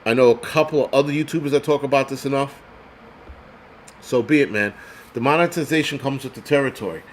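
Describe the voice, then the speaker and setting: A man's voice: medium pitch, brisk, a little hiss or hum. A man hosting a livestream, ranting in an angry, profane, heated way and stumbling over repeated words when worked up. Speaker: host of a prepping channel. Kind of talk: livestream rant.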